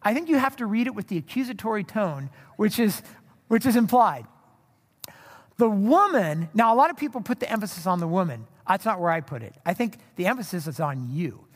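A man preaching a sermon in a conversational, animated way, with rhetorical asides to the congregation. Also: high voice, quick pace. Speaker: pastor. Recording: long hall reverb.

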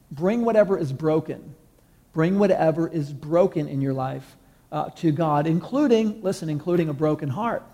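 A pastor preaching a conversational sermon, telling stories and repeating key lines slowly for emphasis. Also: male voice, fairly high pitch, mellow. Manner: conversational storytelling, slow emphatic repetitions.

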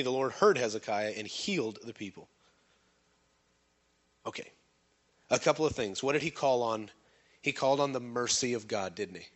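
High-voiced man preaching to his congregation. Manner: animated preaching with call-and-response questions to the congregation; acts out quoted voices with sudden pitch jumps. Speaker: pastor. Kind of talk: sermon.

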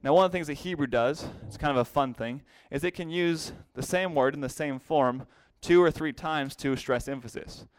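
A man's voice: fairly high pitch, moderate pace, few pauses, clear, resonant tone, dry recording. Man teaching a Bible class, dry sound. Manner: explanatory, repeats key phrases for emphasis. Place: classroom with a whiteboard.

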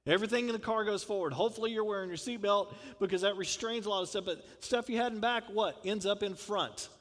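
A man's voice: high-pitched, fast, a bit bright, in a large hall. A man preaching a conversational sermon, full of asides and rhetorical questions. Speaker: pastor.

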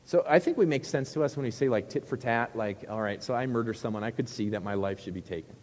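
A man's voice: medium pitch, fast talker, a little mellow, big-room sound. A middle-aged male pastor preaching a sermon in a conversational, joking way, with rhetorical questions to the crowd.

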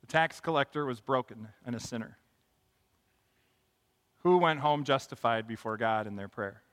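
A man preaching a sermon as a pastor, moving from quiet reflection to impassioned emphasis. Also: medium pitch, moderate pace, big-room sound.

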